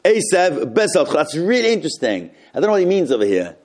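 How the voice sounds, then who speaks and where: A man leading a group text study, reading passages aloud slowly and then explaining them and puzzling over them. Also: fairly high pitch, huge pitch swings, darkish tone.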